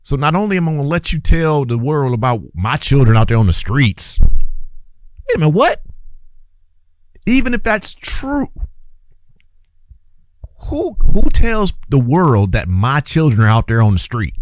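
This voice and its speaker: With medium pitch, lively intonation, and a moderate pace, this host delivers an urgent, preachy opinion monologue on a dry recording. He exclaims, repeats phrases for emphasis, and addresses his listeners as brothers and sisters.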